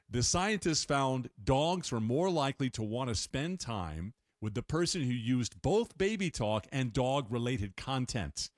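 A man hosts a radio feature in a chatty, animated way, his pitch swinging up and down with lots of movement. His voice sits at a middle pitch for a man. The sound is close and dry, like a studio mic with no room around it. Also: no echo. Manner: chatty, animated delivery with playful asides. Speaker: radio show host. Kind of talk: upbeat radio feature presenting.

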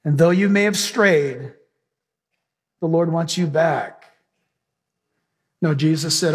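High-voiced, unhurried preaching man. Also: slightly rough. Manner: preaching with rising emphasis and prayer. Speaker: pastor. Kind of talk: sermon. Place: church.

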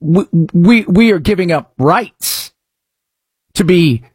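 A man's voice: high voice, animated, takes it slowly, darkish tone, husky, dry recording. A man delivering emphatic opinion commentary, full of rhetorical questions and frequent restarts.

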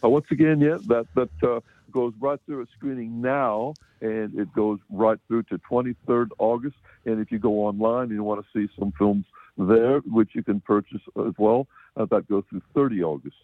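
A man's voice: on the low side, steady tone, moderate pace, no room sound. An American man giving a rambling, laughing film review on a community radio show. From United States. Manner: rambling, laughs often, many fillers. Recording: tinny phone line.

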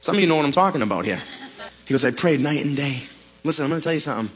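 A man pastor preaching an animated radio sermon, retelling scripture in lively paraphrase. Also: a little high, racing, husky, soft background music, low-quality recording.

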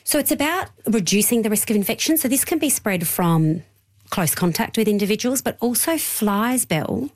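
A woman hosting a radio health show, explaining news clearly and laughing easily. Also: fairly high pitch, expressive, normal speed. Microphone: studio mic.

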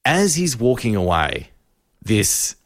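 A low-pitched man tells a story on the radio. His delivery is animated and full of asides. The sound is close and dry. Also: takes it slowly, no room sound. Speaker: radio presenter telling a story. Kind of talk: casual radio banter.

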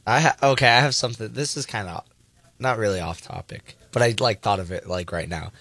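Low-voiced young man, dry sound. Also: fairly bright tone, no room sound. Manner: chatty, many likes, quick to laugh off. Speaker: radio co-host. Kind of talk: casual radio chat.

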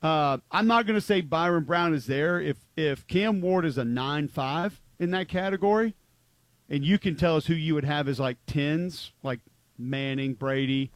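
A man's voice: a little high, normal speed, dry recording. Emphatic man talking football, dry sound. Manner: rambling, frequent "like" fillers, emphatic. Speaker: co-host of a football talk show. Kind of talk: casual sports chat.

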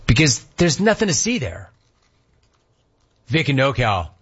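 A man's voice: mid-range voice, big pitch swings, a little slow, a bit bright, slightly rough. A man hosting a sports talk show, ranting with rhetorical questions and reading out chat comments. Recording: dull lo-fi sound.

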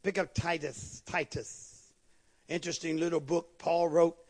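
A man preaching a fervent sermon in a church service, calling out to the congregation and breaking into quick asides. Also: a little high, flat delivery.

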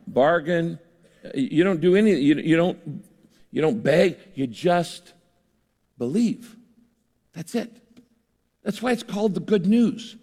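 A man's voice: fairly high pitch, gravelly, a little mellow. An older man preaching a sermon as pastor, conversational, acting out the voices of people he quotes. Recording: reverberant hall.

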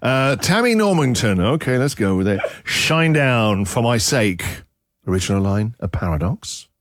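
A man's voice: medium pitch, big pitch swings, normal speed, no echo, studio quality. A man from England hosting radio, playfully reading out misheard lyrics, laughing often and singing snippets. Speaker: radio host. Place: radio studio. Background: music.

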